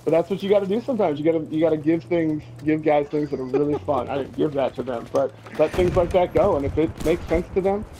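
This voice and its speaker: A man's voice: on the high side, quick pace, few pauses, warm tone, a little hiss or hum, low-quality recording. A man who leads a gaming clan, chatting casually in an interview, easygoing and laughing often. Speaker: clan leader.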